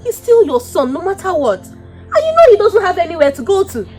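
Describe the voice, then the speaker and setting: A pleading daughter. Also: female voice, very high voice, big pitch swings, a little fast, a little mellow, faint music behind. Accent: Nigerian. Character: pleading daughter defending her brother.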